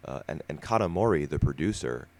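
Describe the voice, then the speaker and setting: An American man with a remarkably deep, low voice co-hosts a casual podcast, laying out his views at length in a relaxed, easygoing way. His delivery runs fairly quick.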